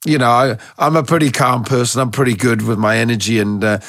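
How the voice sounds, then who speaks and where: A man who trains dogs, telling stories in a relaxed, rambling way as a guest in an interview, with a gravelly, husky voice. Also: medium pitch, fairly quick, no room sound, clean studio sound. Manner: relaxed, rambling, with many restarts. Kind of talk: casual storytelling in a podcast interview.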